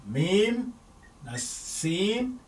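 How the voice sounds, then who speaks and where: A man teaching an Arabic language lesson, repeating each phrase slowly for learners, with frequent hesitations. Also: sits high, big pitch swings, distant mic, slight background noise. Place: lives in London.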